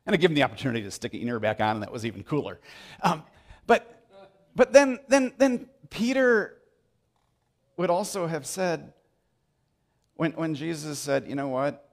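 A man preaching a sermon, telling the story with animated swings between loud bursts and hushed moments. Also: fairly high pitch, normal speed, creaky, long pauses. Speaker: pastor.

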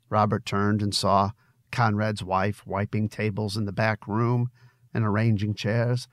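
A man's voice: on the low side, fairly even intonation, normal speed, no echo, studio quality. A man reading his own novel aloud, then chatting casually about it with many hesitations and fillers. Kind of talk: audiobook narration then casual commentary.

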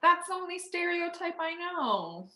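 A woman's voice: very high-pitched, big pitch swings, measured pace, bright, forceful tone. A young woman co-hosting a podcast, trading dry, joking remarks in casual chat. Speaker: podcast co-host. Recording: roomy echo.

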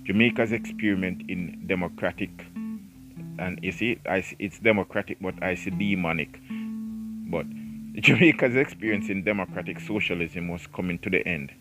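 A man's voice: low-pitched, normal speed, low-quality recording. A man hosting a casual solo podcast, reading a book aloud and breaking off into self-mocking, rambling asides. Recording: clear music playing behind the voice.

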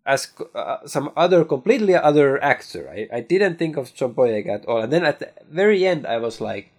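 A man's voice: mid-range voice, very animated, brisk, a little mellow. Hesitant man in casual film chat. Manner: hesitant, many fillers and restarts. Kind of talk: casual chat about films.

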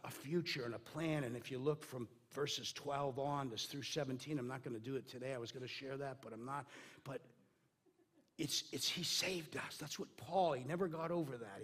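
A man's voice: on the high side, a bit bright, breathy edge. A man preaching a sermon in a conversational way, with many fillers and restarts. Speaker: pastor.

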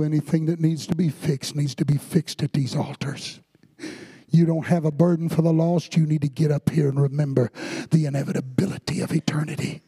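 A man preaching a fervent sermon in a church sanctuary, rising to shouts. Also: fairly high pitch, husky, dry recording. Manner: fervent Southern-style preaching, building to shouts.

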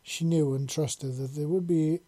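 A man narrating a storybook chapter in a calm, unhurried, even way. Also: on the high side. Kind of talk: storybook reading.

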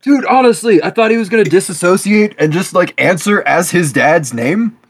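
A man's voice: sits high, animated, normal speed, husky, no echo, studio quality. A man co-hosting a casual chat, easygoing and jokey. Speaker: podcast co-host.

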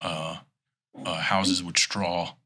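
A man's voice: low voice, flat delivery, drawn-out words, bright, forceful tone, a little hiss or hum. A man in casual chat, telling a rambling, playful story as a podcast co-host.

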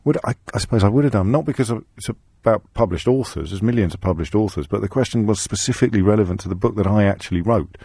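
Wry radio host with a Midlands twang. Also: male voice, lowish voice, quick pace, hardly any pauses, dark tone, breathy edge, no echo. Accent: slight Kidderminster twang. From Kidderminster, English Midlands. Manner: wry, teasing, stammers on restarts. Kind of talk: casual phone-in chat. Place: radio studio.

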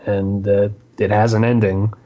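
A man joining a casual podcast chat as a guest, giving relaxed, upbeat summaries. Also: on the low side, a little slow, lo-fi sound.

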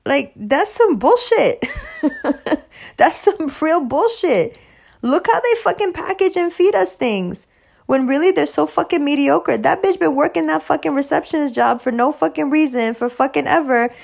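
A fairly high-pitched woman whose voice swoops widely and keeps slipping into vocal fry as she talks. She hosts her own show in a loose, rambling monologue. Her delivery is blunt and profane, with emphatic stress on every point. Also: expressive, measured pace. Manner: blunt, emphatic, heavy swearing. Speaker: podcast host.

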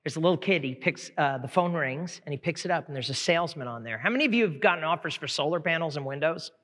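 A man's voice: fairly high pitch, lively intonation, quick pace, a bit bright. A middle-aged male pastor preaching a sermon, conversational and folksy, building to fervent exhortation. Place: church sanctuary. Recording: long church hall reverb.

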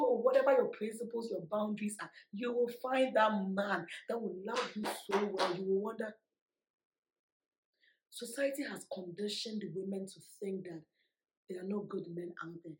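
A woman vlogger telling a personal story to her viewers in an emphatic, animated way, laughing often. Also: medium pitch, poor audio. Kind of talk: storytime vlog.

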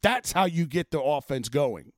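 A man's voice: fairly high pitch, animated, normal speed, no echo, studio quality. A man ranting about sports as a host, blunt and exasperated, swearing freely. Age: adult, former offensive lineman. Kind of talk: profane sports rant.

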